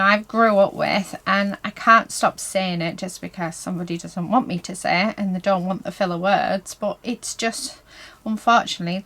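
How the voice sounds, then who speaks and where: A woman's voice: medium pitch, fairly bright tone, rough recording. Woman vlogging her craft, chatty, lots of um and so yeah, talks to herself as she paints. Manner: chatty, heavy on fillers like "so yeah" and "um". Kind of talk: casual chat while crafting. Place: indoors at a craft table.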